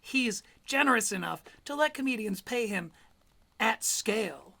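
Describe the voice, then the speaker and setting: A man's voice: high-pitched, expressive, unhurried, gravelly, bright, forceful tone. A man giving sarcastic, profane running commentary over clips as a streamer.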